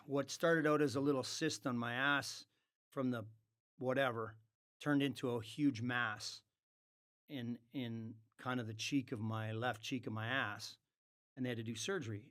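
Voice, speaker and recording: Blunt, profane man telling a story. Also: mid-range voice. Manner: blunt and profane, acting out dialogue. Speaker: podcast guest, former hockey player. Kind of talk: storytelling in casual podcast chat. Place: podcast studio.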